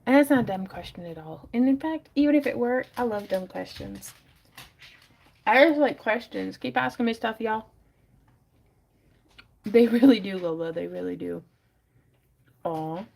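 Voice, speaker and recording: A woman's voice: fairly high pitch, expressive, moderate pace, gravelly. A woman hosting a casual craft livestream from her home craft room, chatty and often dropping into whispered baby talk. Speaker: livestream host selling crafts.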